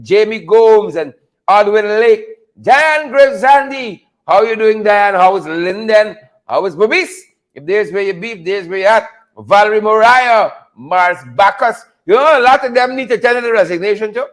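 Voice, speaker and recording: A man hosting a livestream, animated and repetitive, laughing often and greeting viewers by name. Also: high voice, moderate pace. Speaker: livestream host. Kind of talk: casual livestream commentary.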